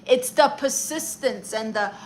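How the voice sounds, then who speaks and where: A woman's voice: fairly high pitch, natural voice, poor audio. A woman playing a brash, vain aunt who calls herself a therapist, bantering and boasting as she reads out chat on a livestream. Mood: sassy. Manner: sassy, boastful, fast comebacks. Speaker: livestream comedian reading chat.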